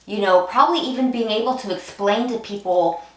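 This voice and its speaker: A woman's voice: mid-range voice, fairly quick, fairly bright tone, reverberant, far from the mic. A woman giving a pick-a-card tarot reading, talking in a loose, intuitive way with many restarts. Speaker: tarot reader.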